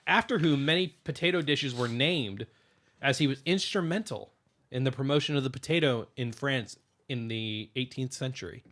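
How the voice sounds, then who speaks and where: A man's voice: medium pitch, normal speed, fairly bright tone. A man co-hosting a podcast in casual chat, reading out food trivia and stumbling over foreign names. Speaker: podcast co-host.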